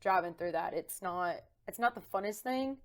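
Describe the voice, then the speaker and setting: A woman co-hosting a podcast, telling rambling, animated anecdotes in casual chat. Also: mid-range voice, normal speed. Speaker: podcast co-host.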